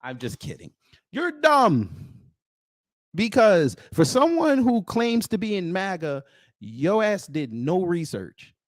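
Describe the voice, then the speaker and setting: A man's voice: high-pitched, big pitch swings, unhurried, no room sound, clean studio sound. A man hosting a reaction commentary, scolding and slangy in his delivery. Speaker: commentary channel host.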